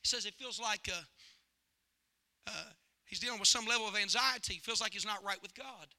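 Middle-aged male pastor, very high and piercing tone, storytelling sermon that swings from loud calls to hushed memories. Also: fairly quick. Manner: storytelling preacher, swings between loud exhortation and hushed recollection.

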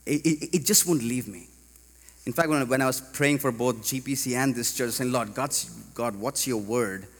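A man from India preaching a sermon to a congregation, animated and rising to loud emphatic peaks. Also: mid-range voice, normal speed, husky, big-room sound. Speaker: pastor. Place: large church hall.

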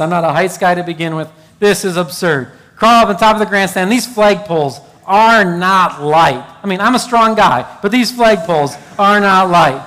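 A middle-aged man preaches from the pulpit, his voice sitting high for a man. He presses his points with emphasis and slips into storytelling asides. The sound hangs in a large hall with a long reverb tail. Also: pushed and bright. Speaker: pastor. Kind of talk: sermon.

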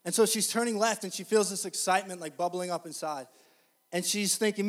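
A man with a notably high voice delivers a sermon. He speaks to the congregation in a chatty, storytelling way and rises into loud, energetic preaching. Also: brisk. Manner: conversational, addresses the congregation directly.

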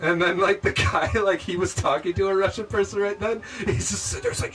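A man's voice: high-pitched, lively intonation, fairly quick, a bit bright. A man hosting a podcast in loose casual chat, rambling with lots of "like" and laughing often. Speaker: podcast host. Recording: distant mic with music behind.

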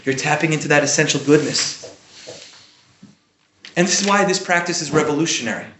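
In an echoey room with some background noise, a man teaches an informal Torah class in a conversational style, frequently checking in with "right?" and breaking into animated bursts. His voice is slightly high and his pace fairly quick.

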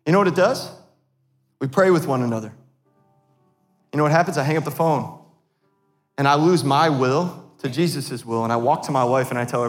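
A man in his thirties, a pastor preaching a sermon in a church, animated and self-deprecating, often laughing at himself. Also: mid-range voice, brisk, long pauses, soft background music. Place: church sanctuary. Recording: long hall reverb.

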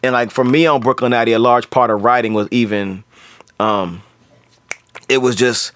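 A man's voice: medium pitch, steady tone, normal speed, fairly bright tone, no echo. Chatty man with a Cincinnati accent. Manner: loose and talkative, many filler likes. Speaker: rapper guest. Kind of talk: casual chat.

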